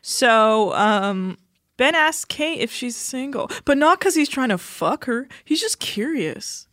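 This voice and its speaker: A woman's voice: high voice, sing-song, slow, fairly bright tone, no echo, clean studio sound. A woman co-hosting a podcast, recapping a reality show in a chatty, crude and joking way. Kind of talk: casual chat.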